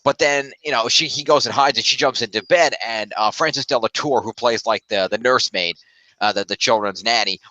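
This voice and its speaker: A man's voice: medium pitch, sharp tone, no echo, lo-fi sound. A man chatting casually as a film reviewer, rambling and correcting himself as he goes. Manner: rambling, self-correcting, upbeat.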